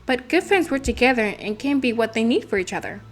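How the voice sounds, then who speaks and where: A woman doing a bright, upbeat club leader. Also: on the high side, very animated, a little fast. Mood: reassuring. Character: confident, caring young club leader girl.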